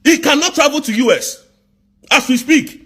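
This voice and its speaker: A man with a Nigerian accent in an angry live rant, firing off accusing rhetorical questions and sometimes shouting. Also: extremely high pitch, normal speed. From southeast Nigeria.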